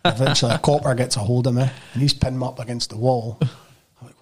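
Husky Scottish man telling a story. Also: mid-range voice, fast. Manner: animated storytelling, laughs often, acts out quotes. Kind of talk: casual anecdote chat.

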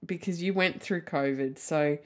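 A woman's voice: sits low, normal speed, a little mellow. A woman in her thirties hosting a solo podcast, rambling candidly with lots of "like" and the odd swear word. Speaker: podcast host. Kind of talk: casual solo podcast chat.

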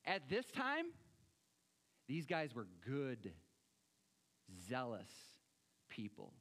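A man preaching a sermon, animated, acting out quoted voices and swinging between loud and soft. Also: medium pitch, extremely slow, in a large hall. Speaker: pastor.

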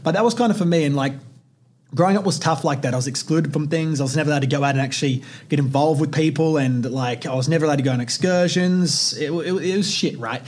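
An Australian man tells a personal story as a podcast host. He sounds lively and profane, with a voice pitched a little above the usual for a man, and he acts out the dialogue as he goes. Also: fast. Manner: animated, profane, acts out quotes.

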